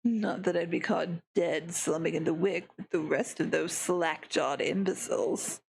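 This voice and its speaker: A woman's voice: lowish voice, measured pace, creaky, darkish tone. Woman voicing a drawling, derisive monster man. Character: sneering, languid young male monster with a tail. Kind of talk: reading a visual novel aloud.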